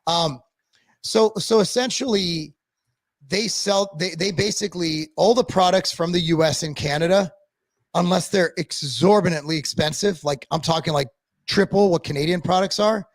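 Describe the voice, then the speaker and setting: Male co-host, higher pitch, blunt profane rambling delivery, dry close sound. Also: moderate pace, no echo. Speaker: podcast co-host. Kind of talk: casual chat.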